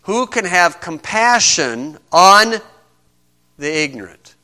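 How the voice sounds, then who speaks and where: A man's voice: high voice, sing-song, takes it slowly, pushed and bright. A man preaching a sermon to a congregation in a conversational way, asking his listeners questions as he reads verses. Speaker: pastor.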